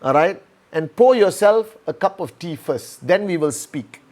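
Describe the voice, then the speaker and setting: A man playing a calm old Zen master. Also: sits high, measured pace. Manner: calm, few words. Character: calm old male Zen master, long-bearded and wise.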